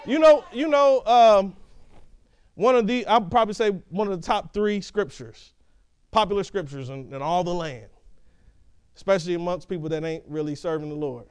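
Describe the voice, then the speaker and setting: Male preacher, high and smooth voice, dry close sound, emphatic conversational sermon delivery. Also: normal speed, dry recording. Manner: emphatic, with frequent restarts and "right?" asides.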